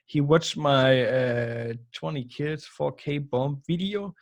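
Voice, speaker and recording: A man with a German accent and German as his first language, chatting as a podcast guest, often pausing to search for English words and laughing. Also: fairly high pitch. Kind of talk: casual chat.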